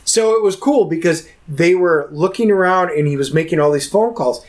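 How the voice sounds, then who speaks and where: A man's voice: a little high, normal speed, hardly any pauses. A man co-hosting a podcast, casually retelling a documentary and acting out the people in it with lots of restarts. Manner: animated storyteller, quotes people in voices, many restarts. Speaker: podcast co-host. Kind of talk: casual chat, retelling a film.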